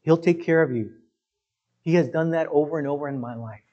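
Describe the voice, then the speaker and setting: A man's voice: a little high, brisk, dark tone, dull audio. Emphatic conversational male pastor. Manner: emphatic, conversational, often says "listen" and "guys". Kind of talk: sermon.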